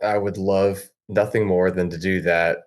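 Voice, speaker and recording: Podcast guest guy, lowish voice, eager, chatty. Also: little pitch movement. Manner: eager, chatty, quick bursts. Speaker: podcast guest, band frontman. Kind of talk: casual podcast chat.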